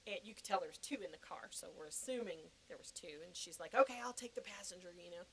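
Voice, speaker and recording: An older woman telling a personal story in a podcast interview, animated and laughing often. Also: on the low side, quick pace, low-quality recording. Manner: animated, laughing, acting out quoted reactions. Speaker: guest.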